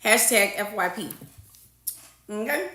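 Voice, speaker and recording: A woman, a registered nurse, speaks slowly but animatedly during a casual livestream over a phone or webcam, going over her points again and responding to comments she reads from the chat. The medium-pitched voice is pushed and bright, and the sound is roomy.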